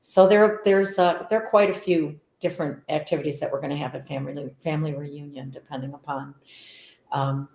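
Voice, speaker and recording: A woman's voice: deep voice, steady tone, a little fast, creaky, darkish tone, reverberant. A woman guest on a faith podcast, talking about children's activities in an earnest, emphatic way. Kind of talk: conversational interview.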